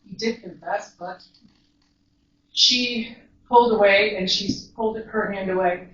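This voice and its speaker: A woman, a mental health counselor, giving an earnest, measured storytelling talk to a live audience. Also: mid-range voice, fairly even intonation, fairly bright tone. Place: large echoey event room. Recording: echoey, distant, dull live recording.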